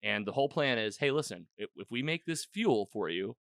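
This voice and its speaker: His mid-range voice is brisk and creaky, a bit bright, with lively intonation, recorded dry and studio-clean on his own podcast mic. He loosely rambles through an episode recap, acting out quoted lines and saying "like" often.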